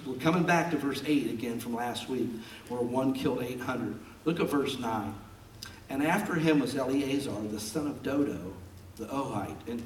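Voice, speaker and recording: A man preaching a sermon as a pastor, an animated storyteller who jokes as he talks, recorded in a church sanctuary. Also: medium pitch, slight background noise. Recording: roomy and distant from the mic.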